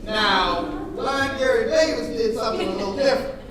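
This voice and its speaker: Singing music teacher in an echoey hall. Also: male voice, very high-pitched, animated, moderate pace, background noise. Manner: sings lines then coaxes the group to sing back. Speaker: music teacher leading a group sing. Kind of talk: teaching a song by ear, singing and explaining. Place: a hall with students. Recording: echoey hall, far from the mic, with guitar.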